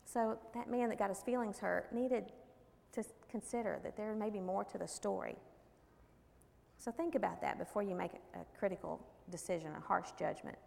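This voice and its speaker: A woman's voice: mid-range voice, moderate pace, creaky, a little mellow. A woman giving a devotional talk, telling folksy stories and reading scripture. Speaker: women's Bible study speaker. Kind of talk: sermon. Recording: long hall reverb.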